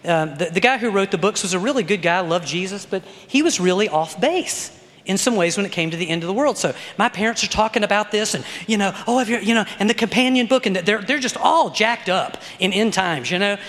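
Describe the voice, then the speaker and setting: A middle-aged male pastor preaching with a notably high voice, talking to his congregation in a loose, conversational way and often checking in with quick tag questions. The sound carries a long, trailing reverb, like a big hall. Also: animated, a bit bright. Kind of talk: sermon.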